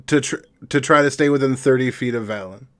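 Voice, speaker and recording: A man's voice: mid-range voice, brisk. A man playing in a tabletop game, laid-back and joking. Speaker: player.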